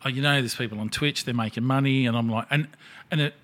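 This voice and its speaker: A man's voice: medium pitch, fairly even intonation, fast talker, a bit bright. Middle-aged man, podcast host, blunt and profane, easygoing chat. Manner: blunt, swears freely, laughs at himself. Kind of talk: casual chat.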